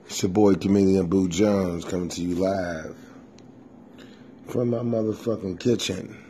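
Man, comedian, podcast host, low gravelly voice, cussing casual monologue, kitchen at home. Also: steady tone, a little slow, warm tone, a little hiss or hum. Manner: profane, loose and conversational, swears constantly. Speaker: comedian hosting his own podcast. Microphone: simple home setup, self-recorded.

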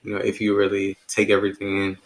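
A man from Washington, D.C., co-hosting a podcast, talking in a relaxed, reflective way with many fillers. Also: lowish voice, quick pace, rough recording. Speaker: podcast co-host. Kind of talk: casual conversation.

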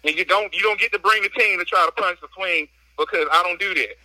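A man's voice: sits high, fast, pushed and bright, dry recording, rough recording. A man guest on a casual podcast, talking through a phone while out on a walk, slightly out of breath, emphatic and slangy as he vents. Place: outdoors on a walk.

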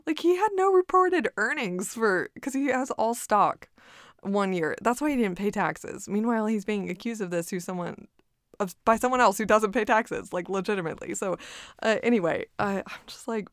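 A woman's voice: medium pitch, no room sound, clean studio sound. A young woman talking casually about her month, with many fillers and frequent laughter. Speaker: vlogger. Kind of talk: casual personal reflection. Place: home in Austin.

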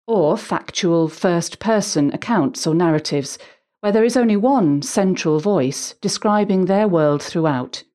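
A middle-aged woman reading a prepared personal account of her work as a volunteer audiobook narrator, measured and articulate with a gently humorous touch. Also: lowish voice.

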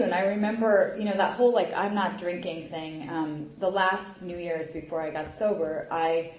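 A woman's voice: fairly low pitch, moderate pace, few pauses, slight background noise. A young adult woman giving a personal recovery talk at a meeting, rambling with many fillers and restarts. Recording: muffled echoey room recording.

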